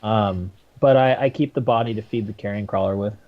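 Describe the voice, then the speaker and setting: A man's voice: fairly low pitch, brisk, narrow, tinny audio. A man playing a tabletop game, speaking in character, hesitant and thinking aloud. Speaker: player.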